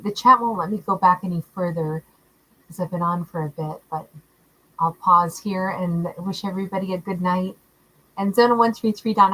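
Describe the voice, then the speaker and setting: A woman hosting a livestream, greeting viewers by name in a warm, affectionate, chatty way and laughing often. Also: medium pitch, low-quality recording. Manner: warm, affectionate, calls viewers love and honey. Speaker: tarot livestream host. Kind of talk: casual livestream chat reading out viewer comments.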